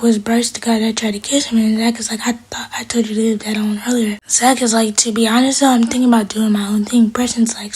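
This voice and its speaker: Woman, very breathy, fairly high voice, casual episode recap, paraphrased quotes. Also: darkish tone. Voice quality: breathy, half-whispered delivery. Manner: retells scenes through paraphrased quotes. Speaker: TV recap vlogger.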